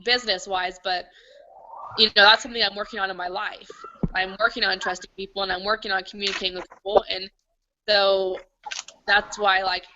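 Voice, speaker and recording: A woman's voice: mid-range voice, flat delivery, a little fast, dull audio, background noise. A woman in a team coaching group sharing her thoughts in a rambling way over a video call. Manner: rambling, with many fillers and restarts. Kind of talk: casual group discussion.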